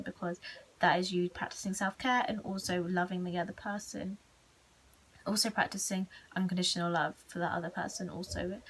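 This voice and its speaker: A woman's voice: fairly low pitch, a bit bright, poor audio. A woman giving a casual pick-a-card tarot reading at home, chatty, candid and self-mocking.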